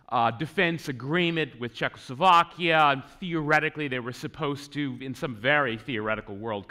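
A man giving a conference lecture on history, conversational and wry, with asides to the audience and swinging emphasis. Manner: lively, swinging pitch for emphasis. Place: conference hall.

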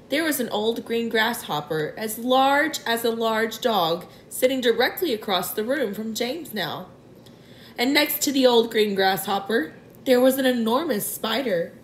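Expressive woman reading a storybook aloud. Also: a little high, slight background noise. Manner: expressive, clears throat now and then. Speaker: reader. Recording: roomy echo.

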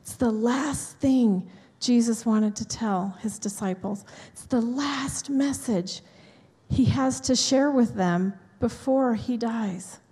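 A woman's voice: on the high side, slow, warm tone, husky. A woman pastor giving a sermon in a conversational, chatty way, with asides to the congregation. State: dry mouth from allergy medicine. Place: church sanctuary. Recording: long hall reverb in a church.

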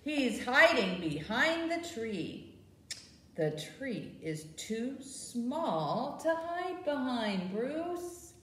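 A slow, animated woman's voice swoops up and down in a sing-song way as she leads babies through rhymes and a picture book. She sits a little back from the mic, so her voice lands in a roomy space. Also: high-pitched. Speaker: children's librarian leading baby storytime. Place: library program room. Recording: roomy sound from a distance.

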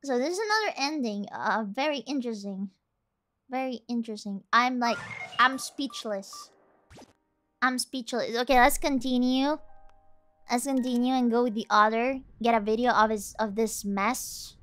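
A young woman from Europe streaming a game, reacting with animated, exclaiming commentary. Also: on the high side, normal speed, soft background music. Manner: animated, exclaiming, giggly asides.

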